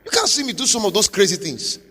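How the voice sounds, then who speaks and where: A man with a Nigerian accent, a pastor giving a motivational sermon with forceful, repetitive exhortation. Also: high-pitched, wildly swooping pitch, fast, breathy edge. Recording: long hall reverb.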